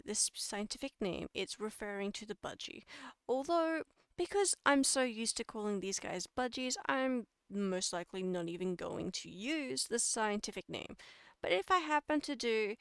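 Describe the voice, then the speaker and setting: Australian woman, casual streamer-lecturer, smooth voice, dry close sound, self-correcting. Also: a little high, no room sound. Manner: chatty, laughs at herself and corrects slips.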